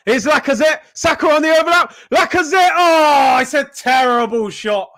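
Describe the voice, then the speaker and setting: A young man hosting a live football watchalong, reacting excitedly and yelling at the players. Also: extremely high pitch, normal speed. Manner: excitable, shouting at players, frequent outbursts. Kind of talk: live match reaction commentary.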